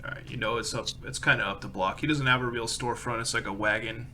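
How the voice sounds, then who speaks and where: A man's voice: mid-range voice, fairly even intonation, fast, sharp tone, a little hiss or hum. A man running a tabletop game as game master, narrating in a loose, casual, descriptive way.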